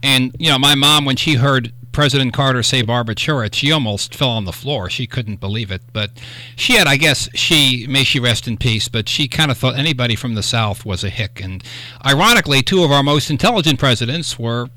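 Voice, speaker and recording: A man hosting a radio talk show, chatting casually with quick joking asides. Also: medium pitch, bright, forceful tone, dry recording. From upstate New York.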